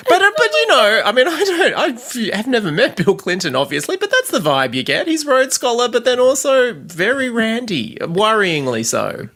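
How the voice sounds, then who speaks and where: A man, a guest friend on a podcast, chatting in an animated, gossipy way. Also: very high voice. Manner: animated, gossipy, quick to laugh. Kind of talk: casual chat.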